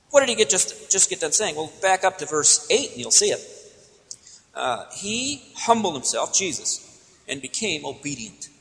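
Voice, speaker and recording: A man preaching in a church, with a bright, slightly high voice. He teaches emphatically, asking questions and then answering them himself. His voice rings out with a long hall reverb. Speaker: pastor. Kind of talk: expository sermon.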